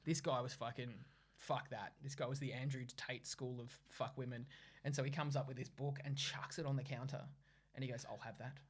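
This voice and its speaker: An Australian woman comedian telling stories on a podcast in an animated, swearing, casual way. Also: a bass voice, fairly quick, husky. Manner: animated, swearing, laughing between phrases. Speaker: comedian guest.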